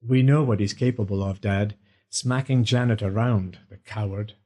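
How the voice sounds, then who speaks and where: An earnest, worried young male singer in a storybook reading, voiced by a man. The tone is mellow and soft-edged. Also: lowish voice, normal speed, close to an everyday voice.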